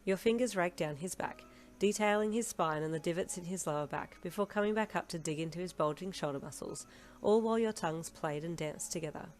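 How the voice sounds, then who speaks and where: Low-voiced woman reading a story. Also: a little fast, soft background music. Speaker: fanfiction reader. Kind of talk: audiobook storytelling narration.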